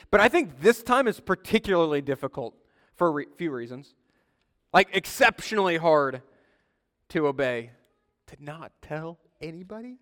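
A man's voice: high voice, animated, normal speed, long pauses, fairly bright tone. A man in his thirties preaching a sermon, talking casually and telling stories that act out the people he quotes. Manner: conversational storytelling, acts out quoted voices. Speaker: pastor. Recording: long hall reverb.

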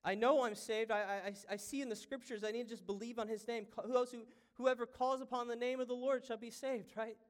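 A male pastor preaching a sermon, moving from hushed, reflective lines to loud, fervent ones. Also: very high voice, fairly even intonation, fairly quick, few pauses. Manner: impassioned preaching with wide swings from hushed to loud. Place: church sanctuary.

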